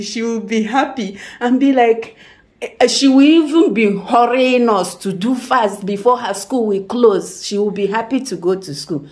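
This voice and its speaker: A Nigerian woman filming a casual family vlog at home, gently coaxing her child and laughing often. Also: a little high, rough recording. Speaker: family vlogger, mother.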